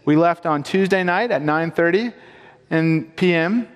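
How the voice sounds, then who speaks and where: A man delivers a sermon with a high-pitched voice and an earnest, emphatic manner. His questions climb upward as he presses each point. The sound rings out with the long reverb of a large hall. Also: unhurried, smooth. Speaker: pastor.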